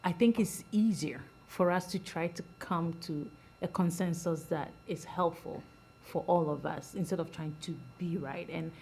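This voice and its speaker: A middle-aged woman addresses a school board meeting in a somewhat low voice. She talks earnestly and loosely, restarting phrases and breaking into small laughs. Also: normal speed, creaky, slightly rough. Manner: earnest, rambling, with frequent restarts and soft laughs. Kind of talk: public meeting remarks.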